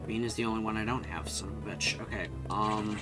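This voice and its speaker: Rambling low-voiced man streaming a game. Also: steady tone, a little fast. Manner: chatty, rambling, swears when surprised. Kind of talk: casual gameplay commentary. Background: game music.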